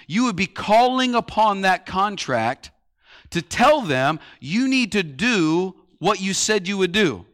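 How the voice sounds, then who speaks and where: Male pastor, high bright voice, chatty sermon with rhetorical questions. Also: big pitch swings, takes it slowly. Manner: conversational preaching with everyday analogies and rhetorical questions.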